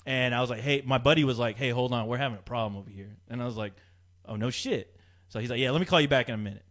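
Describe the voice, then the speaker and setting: A man's voice: mid-range voice, fast talker. A man telling a story in casual chat, swearing a lot, acting out the people in it and laughing often. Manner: profane, animated, laughs often. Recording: dull lo-fi sound.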